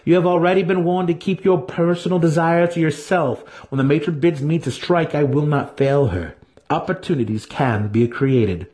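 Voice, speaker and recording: Man putting on a sly dark elf wizard, voice pitched high. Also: moderate pace, close to an everyday voice. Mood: scolding, smug. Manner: sharp, scolding, sly. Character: scheming young male dark elf wizard.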